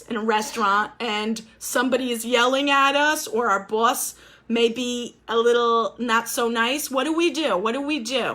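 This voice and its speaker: A woman's voice: a little high, a bit bright. A woman teaching a life skills class over a video call, upbeat and encouraging as she quizzes her students.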